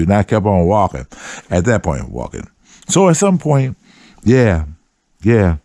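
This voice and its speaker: Profane, animated man telling stories. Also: lowish voice, measured pace, long pauses, no echo, clean studio sound. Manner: animated, heavy profanity, street slang. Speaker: host. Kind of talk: storytelling monologue.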